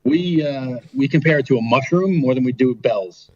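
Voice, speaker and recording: A man's voice: medium pitch, normal speed, darkish tone, lo-fi sound. A man, a podcast guest guessing slang words hesitantly over an internet call. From New York. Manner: hesitant guessing, many fillers. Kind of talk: casual banter.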